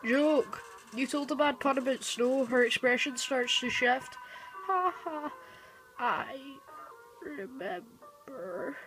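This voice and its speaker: Woman doing casual gameplay commentary, reads the game text out loud, quick reactions, game music playing clearly behind. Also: sits high, rough recording. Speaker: gamer. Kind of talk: casual let's-play commentary.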